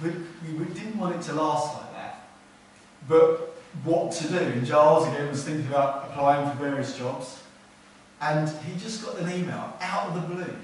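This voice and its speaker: A man's voice: fairly high pitch, a little hiss or hum. A man preaching a sermon as pastor, in an earnest conversational way that repeats words for emphasis. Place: church hall. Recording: echoey hall, mic far off.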